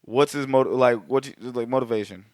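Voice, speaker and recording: A laid-back man co-hosting a film podcast, swearing freely as he rambles through his ratings. His voice sits at an average pitch and is recorded dry and close, with no room sound. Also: a little fast, no room sound. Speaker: podcast co-host. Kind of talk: casual movie review chat.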